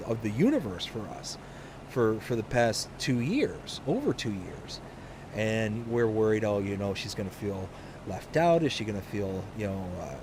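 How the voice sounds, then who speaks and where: A young adult man chatting casually on a live game stream, rambling in a relaxed, fond way with lots of fillers. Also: medium pitch, background noise. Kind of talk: casual live-stream chat while playing.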